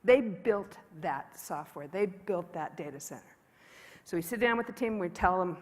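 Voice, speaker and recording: A woman's voice: fairly low pitch, lively intonation, moderate pace. A woman giving a conference keynote, telling work stories in a candid, joking, conversational way on a stage microphone. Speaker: keynote speaker. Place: large conference hall. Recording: long hall reverb from stage.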